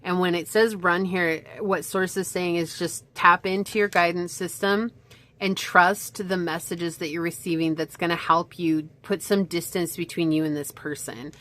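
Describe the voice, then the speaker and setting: A woman's voice: on the low side, steady tone, normal speed, fairly bright tone. A woman giving a chatty, reflective pick-a-card tarot reading, full of fillers and asides, hiccuping at times. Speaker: tarot reader.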